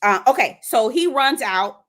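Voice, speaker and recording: A woman hosting a live gossip stream, talking in an animated, sassy way straight to her viewers and reading out their comments. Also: on the high side, unhurried. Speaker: host of a live gossip show.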